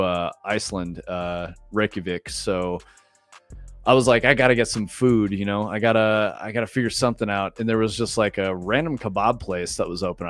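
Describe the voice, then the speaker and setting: Low-voiced American man, casual streamer. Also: no room sound. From United States. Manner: loose, rambling, filler-heavy, profane. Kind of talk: casual storytelling on a livestream. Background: faint music.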